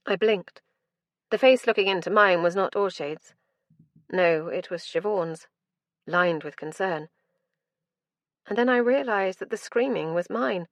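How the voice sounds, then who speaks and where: A woman's voice: medium pitch, unhurried, no room sound. A woman narrating a first-person fantasy audiobook in an intense, dramatic storytelling manner.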